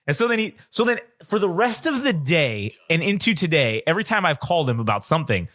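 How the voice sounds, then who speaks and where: A man's voice: fairly high pitch, very animated, fast, fairly bright tone. A young man on a podcast, telling a story in a casual, profane, self-mocking way. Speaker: podcast co-host.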